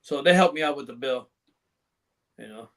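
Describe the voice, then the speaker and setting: A man's voice: medium pitch, lively intonation, moderate pace, a bit bright. A man on a podcast as a guest, telling rambling, profane anecdotes in casual chat and laughing along.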